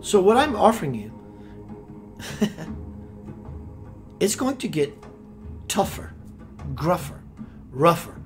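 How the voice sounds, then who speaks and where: A man hosting a spiritual radio show, preaching with playful rhymes and sudden swings between loud and hushed. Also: sits high, sing-song, slow pace, pauses often, faint music behind. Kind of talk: impassioned spiritual talk.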